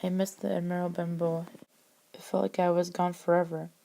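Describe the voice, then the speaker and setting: A woman reading her own adventure story aloud, halting and restarting often. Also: fairly low pitch, little pitch movement, gravelly, mellow.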